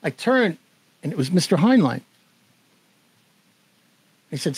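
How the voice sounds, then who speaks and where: A man's voice: a little high, sing-song, a little slow, pauses often, breathy edge, poor audio. An older man, a guest in an interview, telling a story with animation, acting out the voices of the people in it and laughing as he goes. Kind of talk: storytelling in conversation.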